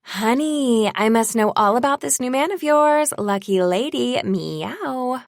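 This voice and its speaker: Woman doing a catty nosy gossip lady, purry and high. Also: animated, measured pace, creaky, no room sound, studio quality. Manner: purring, catty.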